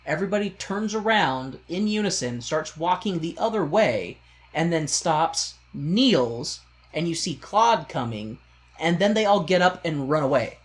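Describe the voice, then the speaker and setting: A man's voice: on the high side, a little slow. A man co-hosting a podcast in casual chat, retelling film scenes and acting out the characters' lines. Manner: animated retelling, acts out quoted lines. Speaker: podcast co-host.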